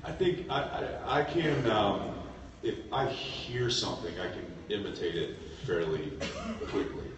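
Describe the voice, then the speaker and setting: A man's voice: on the low side, sing-song, unhurried, highs cut off. Man, convention panel guest, rambling and laughing, caught on a phone from far back in a noisy, echoey hall. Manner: laughing, rambling storyteller with many restarts. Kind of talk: casual stage talk. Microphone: phone stream from the audience.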